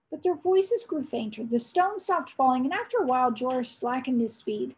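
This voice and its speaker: A woman's voice: high-pitched, lively intonation, darkish tone, low-quality recording. A woman, an aunt, reading a chapter book aloud to her nieces and nephews, stopping now and then to quiz them. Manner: storytelling, pausing to quiz listeners.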